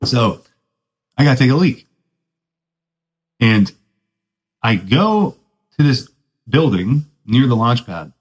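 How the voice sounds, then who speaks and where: A man's voice: mid-range voice, very animated, slow pace, pauses often, low-quality recording. A young man hosting a podcast, telling casual, self-mocking stories in laid-back surfer slang. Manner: laid-back surfer talk, says dude a lot; self-deprecating, laughs at his own stories. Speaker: podcast host. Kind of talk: casual storytelling monologue.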